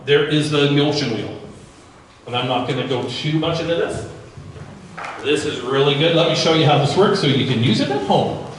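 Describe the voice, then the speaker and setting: A man's voice: medium pitch, fairly bright tone. A man giving a live talk to a business audience at an event, in a conversational manner with frequent restarts and repeated words. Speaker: guest speaker. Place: event room at a networking event. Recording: echoey room from far off with faint background noise.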